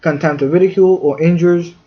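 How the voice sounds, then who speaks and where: A man's voice: on the high side, steady tone, fast, a little hiss or hum. A man hosting a podcast, reading definitions from a fact sheet with many fillers. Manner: reads definitions aloud, filler-heavy. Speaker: podcast host. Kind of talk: reading facts in a podcast discussion. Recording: dull lo-fi sound.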